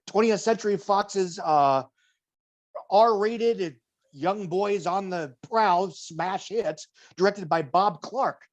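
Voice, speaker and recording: A man's voice: sits high, slow. A man co-hosting a podcast, giving a box office report in casual chat, wry and digressive, slipping dry jokes between figures.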